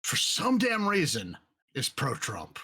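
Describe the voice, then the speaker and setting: A man's voice: medium pitch, wildly swooping pitch, slow, sharp tone, slightly rough. A man co-hosting a podcast, teasing his friend and laughing often in casual chat. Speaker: podcast co-host.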